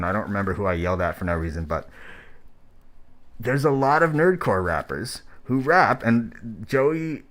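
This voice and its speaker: A man's voice: on the low side, sing-song, normal speed, fairly bright tone. A man streaming, giving blunt, profane, rambling critique of rap tracks.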